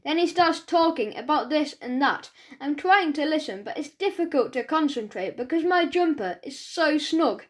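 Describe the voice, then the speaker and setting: A woman's voice: high-pitched, lively intonation, moderate pace, few pauses. A woman narrating a children's audiobook in a chatty first-person voice, telling the story as a schoolboy.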